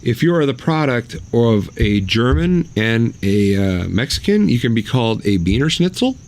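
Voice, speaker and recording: A man's voice: medium pitch, big pitch swings, moderate pace, a little mellow. A man hosting his own podcast, talking in a blunt, sarcastic and mocking way. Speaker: podcast host. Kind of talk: opinionated solo podcast monologue.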